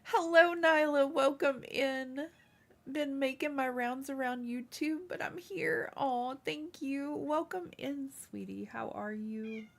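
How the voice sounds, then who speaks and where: Slow gravelly woman streamer. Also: high-pitched. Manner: chatty, talks to her cat and viewers. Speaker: craft livestream host. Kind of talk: casual livestream chat. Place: home room.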